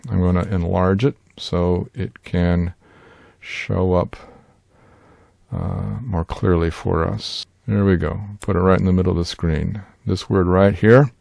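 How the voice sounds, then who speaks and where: A man, likely older, teaching in an unhurried, explanatory way with frequent fillers, in a screen-share tutorial recorded close to a desk mic. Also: sits low, gravelly, darkish tone, no echo. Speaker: Bible language teacher.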